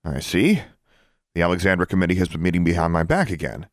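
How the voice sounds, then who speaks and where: A man's voice: deep voice, sing-song, fast, no room sound, studio quality. Alexandra, a man voicing a blunt, stubborn teen girl. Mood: stern. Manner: curt, sharp-tongued. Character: stubborn, blunt teenage heroine.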